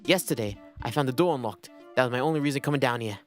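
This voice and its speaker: A man voicing a calm, evasive male suspect who gives cool, measured replies while reading game dialogue aloud. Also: medium pitch, faint music behind, natural voice.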